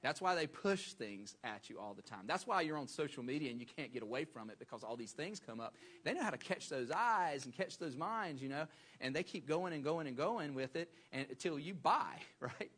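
A man's voice: fairly high pitch, animated, normal speed, a bit bright, slightly rough. A male pastor preaching a sermon, emphatic and repeating phrases for stress.

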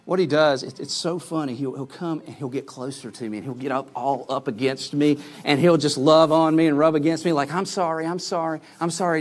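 A pastor giving a sermon, earnest, rising to loud calls and dropping to soft pleading at the altar call. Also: male voice, mid-range voice.

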